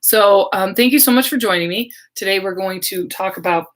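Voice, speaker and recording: A woman's voice: medium pitch, brisk, background noise. Chatty woman hosting a casual livestream. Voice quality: slightly hoarse. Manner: chatty, rambling, laughs often. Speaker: medium and livestream host.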